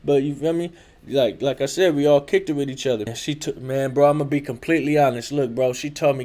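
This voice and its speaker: A man's voice: fairly high pitch, fairly even intonation, brisk, darkish tone. A man with a Californian accent telling a casual personal story in slangy, profane speech full of filler tags. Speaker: show host telling a story.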